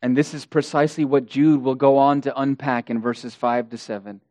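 A man's voice: mid-range voice, steady tone, normal speed, darkish tone, no room sound. A male pastor preaching an impassioned sermon, hammering points through repetition and addressing the congregation as beloved.

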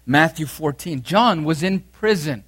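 Guy preaching a sermon, kinda high voice, earnest, goes loud then drops real quiet, repeats stuff for emphasis. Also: animated, unhurried, slightly rough. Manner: reads scripture aloud and repeats key phrases. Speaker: pastor.

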